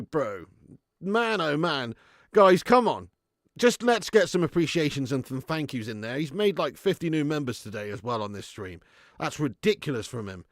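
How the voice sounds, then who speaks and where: A young adult man chats his way through a fan livestream, laughing often as he reads out viewer comments. His voice sits a touch high, and the sound is close and dry with no room echo. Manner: chatty, laughs often, puts on mock regional accents. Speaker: fan channel livestream host. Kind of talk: casual livestream chat reading comments.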